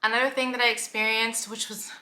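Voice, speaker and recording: Her voice is a little high, level in tone, fast, bright, and forceful. She is a health coach and vlogger in her thirties chatting casually in a pregnancy vlog, emotional and somewhat breathless, filling her speech with "like," in an echoey room with faint background noise.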